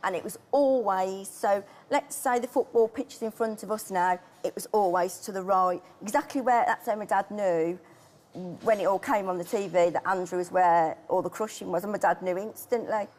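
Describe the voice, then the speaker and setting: A middle-aged woman, a guest telling a painful personal story in a halting, emotional way. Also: medium pitch, a little mellow. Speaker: interview guest.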